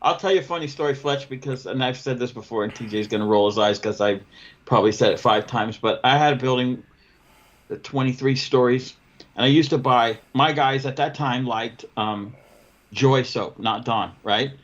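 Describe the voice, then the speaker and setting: Brief: male podcast host, mid pitch, animated storyteller, dull lo-fi audio. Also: moderate pace. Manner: animated storyteller, acts out dialogue. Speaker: podcast host, window cleaning business owner. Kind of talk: casual storytelling chat.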